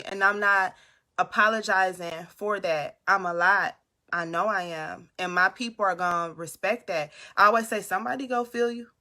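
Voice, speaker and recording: A woman on a casual live stream, talking loud and animated straight to her viewers, giving them a pep talk. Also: mid-range voice. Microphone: phone or webcam.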